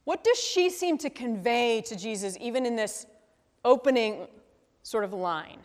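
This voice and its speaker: A woman whose voice sits on the high side leads a conversational scripture lesson at a measured, animated pace. She thinks aloud and questions the group, frequently adding "right?", and the recording carries a hall's long reverb.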